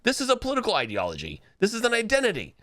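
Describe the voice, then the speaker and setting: A man doing a shrill, outraged mother. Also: huge pitch swings, very fast, a bit bright, no room sound, studio quality, full character voice. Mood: indignant. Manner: indignant, shrill, scolding. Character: outraged mother confronting a teacher.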